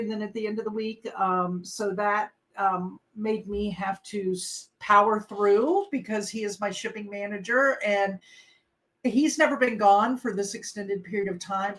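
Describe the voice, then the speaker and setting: A woman's voice: fairly high pitch, a bit bright, poor audio. Chatty woman co-host, rambling. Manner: chatty, rambling with many fillers. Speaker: podcast co-host. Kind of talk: casual chat.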